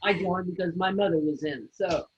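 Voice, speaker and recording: Woman host with a husky voice, relaxed with lots of ums, muffled call audio. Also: on the low side, brisk. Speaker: interviewer host. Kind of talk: casual video-call interview. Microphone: video call.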